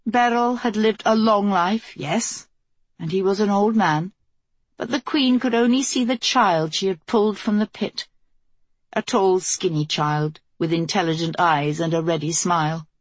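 A woman narrating a fantasy audiobook in a steady, even voice. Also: medium pitch, a little slow, no room sound.

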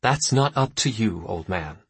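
A man voicing a gentle, kindly middle-aged stepmother in a storybook reading, speaking softly and in a measured way. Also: lowish voice, lively intonation, slightly rough, dry recording, heavily acted.

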